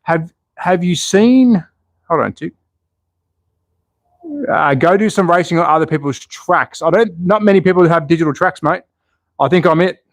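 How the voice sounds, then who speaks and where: Speaking at normal speed with frequent pauses, an Australian slot car channel host from Melbourne has a slightly high voice, captured without echo. During a casual live stream he chats, reasons aloud and answers the viewers' chat.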